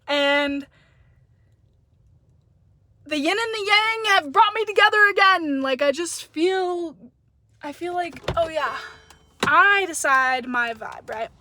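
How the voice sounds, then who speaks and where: A woman's voice: very high voice, takes it slowly, long pauses. A young woman telling a story to her phone in a casual, chatty vlog, acting out the dialogue. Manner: chatty, animated, acts out dialogue. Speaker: vlogger.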